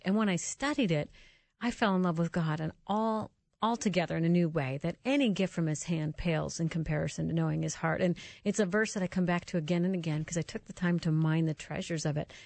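A woman's voice: lowish voice, a little mellow, dry recording. A woman hosting a Christian radio talk show, chatting earnestly and telling stories. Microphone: studio microphone.

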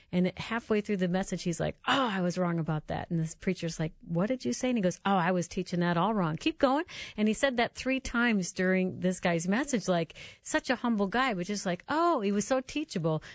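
A woman's voice: mid-range voice, darkish tone, no room sound. A woman hosting a Christian radio talk show, chatting earnestly and telling stories. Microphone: studio microphone.

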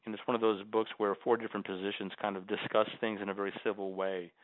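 Man, radio guest, thoughtful and measured, fairly low voice, phone line audio, dry. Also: little pitch movement, no echo. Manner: measured, thoughtful, with many ums. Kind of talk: radio interview over the phone.

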